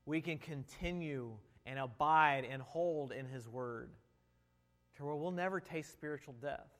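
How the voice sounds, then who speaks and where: A man preaching a sermon as a pastor, slow and deliberate, rising to an impassioned pitch before quieting into prayer. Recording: long reverb of a large hall.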